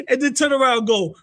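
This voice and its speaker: A man hosting commentary on online drama, talking in an animated, mocking way and often breaking into laughter. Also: very high-pitched. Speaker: commentary host.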